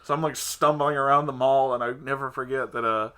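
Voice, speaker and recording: Speaking fairly quickly in a mid-range voice, a man hosting a podcast chat animatedly recounts a story, voicing the other people's lines himself and laughing frequently.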